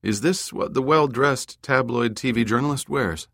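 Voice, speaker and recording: A man's voice: medium pitch, normal speed, a bit bright, no echo, voice pushed up. A man voicing a playful disguised adventurer in an audiobook, in a teasing, easygoing way.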